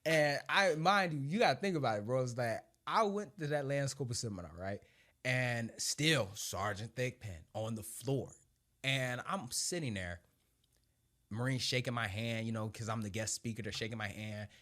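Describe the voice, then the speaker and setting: Animated, swearing ex-Marine telling stories. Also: male voice, mid-range voice, moderate pace. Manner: animated, laughing, profane. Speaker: former Marine sergeant and speaker. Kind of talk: conversational storytelling.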